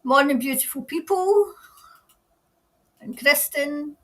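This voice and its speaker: A woman's voice: sits high, slow, fairly bright tone. A woman with a Scottish accent hosting a casual livestream, reading viewer comments aloud and greeting people by name. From Scotland. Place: New Zealand.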